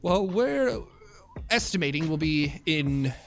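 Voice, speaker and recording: A man's voice: a little high, animated, slow pace, creaky, pitched above the performer's own voice, exaggerated voice. Man doing an easygoing dwarf merchant. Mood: unhurried.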